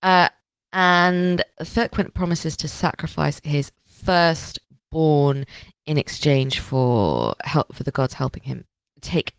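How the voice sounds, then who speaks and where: A woman's voice: deep voice, animated, slow pace, vocal fry, clean tone, dry recording. A woman co-hosting a podcast, chatting casually and jokily as she recaps a TV episode, rambling and swearing. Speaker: podcast co-host. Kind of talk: casual chat recapping a TV show.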